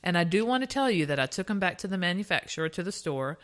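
Woman, podcast co-host, casual chat, giggly storyteller, lowish voice, swooping intonation. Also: quick pace. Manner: chatty, giggly, animated storytelling.

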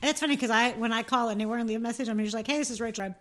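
A woman's voice: on the high side, steady tone, rapid-fire, fairly bright tone. A woman co-hosting a podcast in casual chat, playful and self-deprecating, often laughing. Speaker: podcast co-host.

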